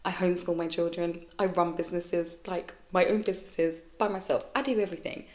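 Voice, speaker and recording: A woman's voice: on the low side, fairly even intonation, brisk, darkish tone. A woman in her forties, hosting her own podcast, talks frankly and emotionally in a blunt, sweary monologue. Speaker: podcast host. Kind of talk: candid personal monologue.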